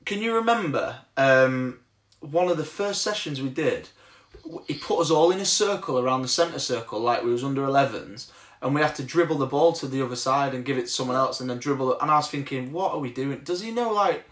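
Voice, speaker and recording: A man's voice: mid-range voice, a little fast, fairly bright tone. An English man hosting a podcast, chatting bluntly about football with plenty of swearing and laughter. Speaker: podcast host. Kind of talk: casual chat. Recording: echoey room.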